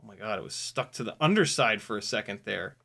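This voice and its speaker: A man vlogging as he flies a small drone, talking to himself in casual commentary with quick exclamations and the odd swear word. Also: fairly low pitch, animated, gravelly, sharp tone. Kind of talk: casual commentary while flying.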